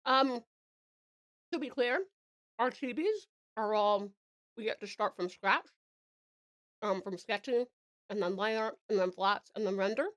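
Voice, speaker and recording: A woman's voice: mid-range voice, a little slow, pauses often, fairly bright tone. A young woman from Australia chatting casually with her live-stream viewers while she works, giggling often. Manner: chatty, giggly, talks to chat while working.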